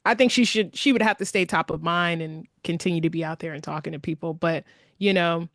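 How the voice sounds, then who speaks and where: A woman co-hosting a podcast, chatting casually and animatedly, laughing often between quick asides. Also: lowish voice, no room sound, clean studio sound. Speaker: podcast co-host. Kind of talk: casual chat.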